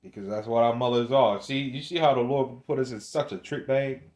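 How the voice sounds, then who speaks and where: A man's voice: mid-range voice, fairly even intonation, brisk, a little mellow. A man delivering a rambling religious rant to camera, scolding his viewers, swearing and restarting his phrases. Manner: scolding, swears, laughs between points. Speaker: religious video maker.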